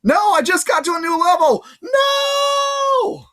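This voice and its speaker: A man voicing a frantic, game-obsessed satyr boy who shouts in a screechy voice. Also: very high-pitched, takes it slowly, pitched above the performer's own voice, full character voice.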